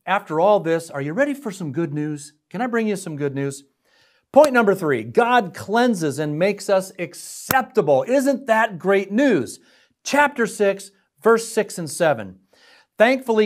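A male pastor delivers a sermon with a slightly high voice. He preaches earnestly and emphatically and keeps turning to his listeners with questions.

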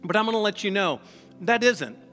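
A man's voice: sits high, expressive, a little fast, bright, forceful tone, in a large hall, faint music behind. A male pastor preaching a sermon in a conversational way, with sarcastic asides.

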